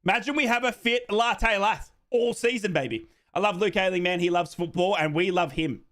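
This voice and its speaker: High, bright-voiced excitable fan commentator. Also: male voice, moderate pace. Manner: excitable, bursts into shouting celebrations; reads out viewers' names and answers them. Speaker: host of a live football watchalong. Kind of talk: live fan commentary on a football match.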